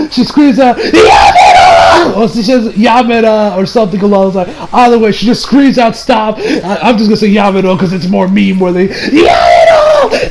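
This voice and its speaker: A man giving a casual, rambling anime episode review, slangy and excitable, often laughing at his own remarks. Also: very high voice, creaky, poor audio.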